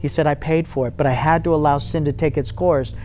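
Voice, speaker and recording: A man's voice: fairly high pitch, fairly even intonation, fast, a little mellow, a little hiss or hum. A man in a faith interview, telling a story earnestly and acting out the dialogue with rising intensity. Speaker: ministry guest telling a testimony.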